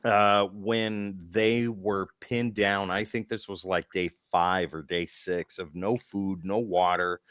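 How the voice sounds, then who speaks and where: A man's voice: sits low, slow, few pauses, clear, resonant tone, dry recording, clean studio sound. A man co-hosting a casual comic-book podcast, retelling scenes with acted quotes and the occasional swear. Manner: animated storytelling, acts out quotes, swears. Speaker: podcast co-host.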